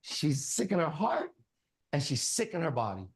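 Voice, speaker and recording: A man's voice: fairly high pitch, sing-song, normal speed. A man preaching as a spiritual teacher, emphatic and commanding, hammering on repeated phrases. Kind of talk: preaching to a listener. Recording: echoey room.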